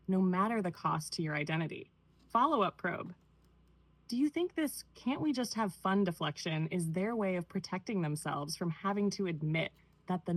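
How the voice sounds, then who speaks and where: A synthetic woman's voice giving a measured, clinical analysis in the manner of a therapist. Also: mid-range voice, no room sound, poor audio. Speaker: AI therapist-style responder. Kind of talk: clinical analysis read aloud.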